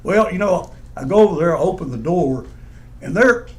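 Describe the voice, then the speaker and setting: A man's voice: high-pitched, expressive, moderate pace. A man telling funny stories in casual chat, laughing through his punchlines. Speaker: radio personality guest.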